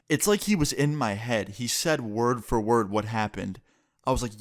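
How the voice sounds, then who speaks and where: A young man telling a story casually on his vlog, animated and profane, acting out the dialogue he quotes. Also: mid-range voice, moderate pace. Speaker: storytime vlogger.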